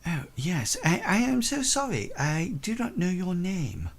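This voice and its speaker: Cool, formal governess with a high, polite voice, as a game master puts her on in a tabletop game. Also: wildly swooping pitch, unhurried, gravelly, heavily acted. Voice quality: stiffly polite. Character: young woman, a French governess, formal and cool.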